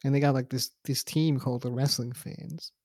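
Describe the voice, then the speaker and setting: A man's voice: medium pitch, fairly even intonation, normal speed, a little mellow, no room sound, studio quality. A man co-hosting a wrestling podcast, chatting casually, laid-back and swearing as he rants. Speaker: podcast co-host.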